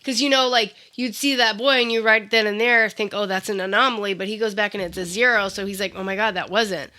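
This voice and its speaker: A woman's voice: mid-range voice, steady tone, quick pace, bright, forceful tone. A woman in casual chat about a film, eagerly jumping in to finish the other speaker's sentences.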